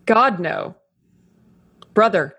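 Woman, tabletop player, medium pitch, deadpan, blunt. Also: extremely slow, breathy edge. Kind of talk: tabletop game role-play.

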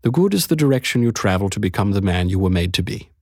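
A man voicing a calm, wise exiled queen, speaking slowly and gently. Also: on the low side, no room sound, clean studio sound. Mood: calm regal. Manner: slow, measured, gentle delivery.

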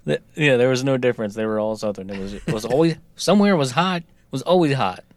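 Mid-pitched joking co-host, casual banter, dry mic. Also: male voice, fast, no room sound. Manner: reads promo text flatly, then joking banter. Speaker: podcast co-host. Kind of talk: casual chat.

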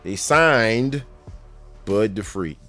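Low-voiced man riffing on sports news. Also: animated, very slow, a bit bright, faint music behind. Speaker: sports commentator. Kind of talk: casual sports commentary.

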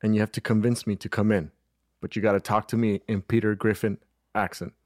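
A man's voice: on the low side, flat delivery, a little fast, darkish tone, dry recording, clean studio sound. A young man, a podcast co-host who lays out comedy scenarios at length in casual chat. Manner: explains scenarios at length, lots of like. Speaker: podcast co-host setting up challenges.

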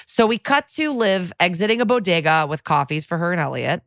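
A woman's voice: lowish voice, lively intonation, a little fast, no echo, studio quality. A woman co-hosting a podcast, casually recapping a TV episode in a chatty way, saying "like" a lot and swearing freely. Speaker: podcast co-host.

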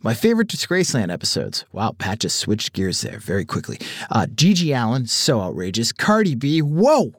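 A man's voice: medium pitch, wildly swooping pitch, normal speed, vocal fry, dry recording. Casual male podcast host. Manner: casual, swears freely, reads texts aloud with dry asides. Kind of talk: casual listener-mail segment.

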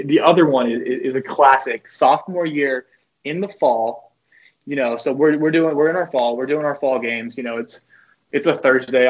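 A young man, a former college pitcher, telling loose, profane stories as a podcast guest. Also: muffled recording. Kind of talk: casual podcast chat.

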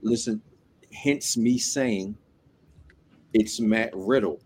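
A man's voice: fairly low pitch, slow, darkish tone, slight background noise. A man co-hosting a podcast in casual chat, rambling and profane, often repeating himself. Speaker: podcast co-host.

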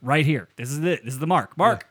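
A man's voice: fairly high pitch, animated, a little fast, noisy background. A man hosting a podcast from a home studio, joking and swearing in casual chat. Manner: joking, swearing, rambling with restarts. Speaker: podcast host.

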